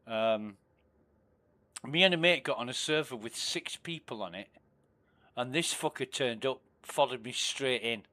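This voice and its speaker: A man's voice: a little slow, pushed and bright. Mumbling, swearing male game streamer. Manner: rambling, profane storytelling, often mumbled and low. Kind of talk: casual livestream chat.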